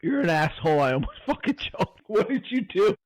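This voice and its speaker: A man's voice: high-pitched, very animated, a little fast, slight background noise, low-quality recording. A slightly drunk man co-hosting a podcast, joking and teasing in casual chat. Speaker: podcast co-host.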